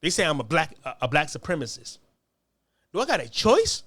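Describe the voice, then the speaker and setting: A man's voice: fairly high pitch, huge pitch swings, a little fast, a bit bright, no echo. An American man delivering a heated, profane monologue, hammering his points with repeated phrases. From United States. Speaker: commentator.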